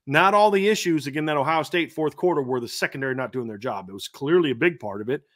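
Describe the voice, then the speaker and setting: A man's voice: fairly high pitch, expressive, fast talker, a bit bright. A middle-aged man hosting a sports podcast, animatedly reeling off statistics with frequent restarts. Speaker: podcast host. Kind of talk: sports analysis chat.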